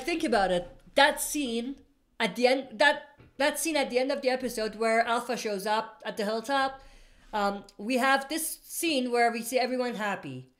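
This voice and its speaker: A woman hosting a casual live stream, reading out viewer comments and answering in a rambling way, often stopping to correct herself. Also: a little high. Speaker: livestream host answering viewer questions.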